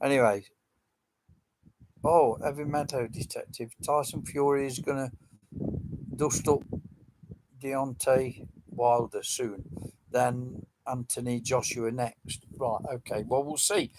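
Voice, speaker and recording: A man's voice: medium pitch, fairly even intonation, slow, pauses often, noisy background. A middle-aged man, rambling casually as he hosts a livestream quiz and chats with viewers. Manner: chatty, rambling, answering comments.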